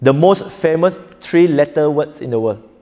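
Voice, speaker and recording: A man's voice: fairly high pitch, animated, moderate pace, dark tone, in a large hall. A man teaching a live audience in an interactive lecture, joking often and quizzing listeners. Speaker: preacher teaching a workshop.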